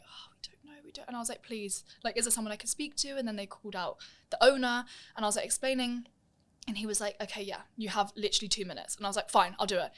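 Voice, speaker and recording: Guesting in a relaxed interview, a young musical theatre performer recounts stories, performing the voices of those she quotes. She has a slightly bright, mid-range voice.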